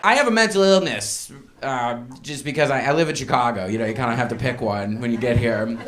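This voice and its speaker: A man's voice: medium pitch, a little fast, fairly bright tone. A man doing a self-mocking stand-up set on a comedy club stage. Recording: live club with crowd laughter.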